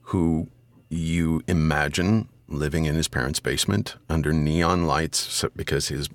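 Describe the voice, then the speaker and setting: A middle-aged man, an audiobook narrator, telling stories casually as a podcast guest, animated and swearing freely, with sudden loud high-pitched asides. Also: measured pace, dry recording. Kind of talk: casual storytelling interview.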